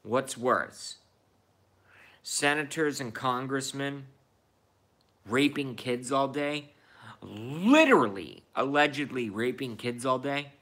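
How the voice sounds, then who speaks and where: A man's voice: medium pitch, fairly bright tone. A man in his thirties ranting in a profane, repetitive and indignant monologue. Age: 30s. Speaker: vlogger.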